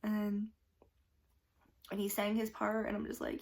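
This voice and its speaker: Gushing young woman with a gravelly edge. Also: mid-range voice, completely flat delivery, unhurried, a little mellow. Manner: gushing, chatty, full of fillers. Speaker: vlogger. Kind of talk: casual chat.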